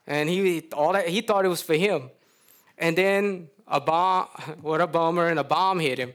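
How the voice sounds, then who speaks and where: A man's voice: sits high, normal speed. A man preaching, retelling a story in a folksy, chuckling way. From Louisiana. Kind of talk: storytelling sermon.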